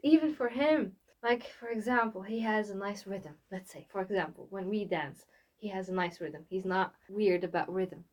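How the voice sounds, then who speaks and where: A woman's voice: medium pitch, normal speed, darkish tone. A young woman from Morocco, chatting casually in an interview and laughing often as she talks about her relationship.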